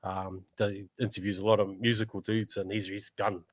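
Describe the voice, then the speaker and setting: A man's voice: fairly low pitch, level tone, moderate pace, no room sound. A man with a New Zealand accent, a musician guest chatting casually, laid-back, laughing often and saying "bro" a lot. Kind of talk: casual chat.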